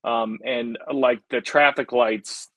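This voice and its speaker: A young man from Canada chats as a podcast guest, rambling and animated, restarting his sentences as he tells stories. His voice sits at a medium pitch. The sound is dry and close, with no room around it. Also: slow pace, dry recording, rough recording. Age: young adult. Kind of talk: casual chat.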